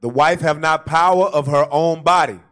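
A man reading scripture aloud in a steady, respectful way. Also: on the high side, moderate pace. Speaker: scripture reader.

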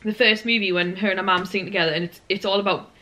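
A young woman vlogging at home in a rushed, gushing and excitable way. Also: mid-range voice. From United Kingdom. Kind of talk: casual vlog chat. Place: at home in a living room. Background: television audio.

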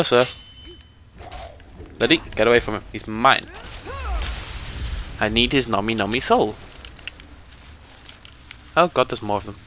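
A man's voice: lowish voice, sharp tone, a little hiss or hum. A young British man giving chatty, joking live commentary over a game he is playing. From Britain. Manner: chatty, joking, talks to the viewers. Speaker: let's play commentator.

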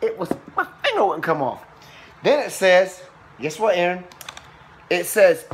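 Animated man reading aloud to a child. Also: slight background noise. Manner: playful, exclaiming, with sudden high squeals and slow drawn-out quoted lines; turns preachy when giving a Bible lesson. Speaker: parent reading a picture book aloud to a child. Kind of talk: animated read-aloud storytime.

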